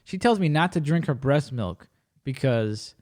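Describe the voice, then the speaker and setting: A man's voice: mid-range voice, measured pace. Man animatedly retelling a wild night. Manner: animated, acts out quoted dialogue with shifting voice; profane and blunt. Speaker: podcast host. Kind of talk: casual storytelling chat.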